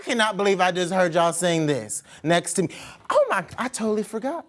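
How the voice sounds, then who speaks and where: Young woman host, animated storyteller, lively pitch. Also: brisk, background noise. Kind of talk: casual interview chat.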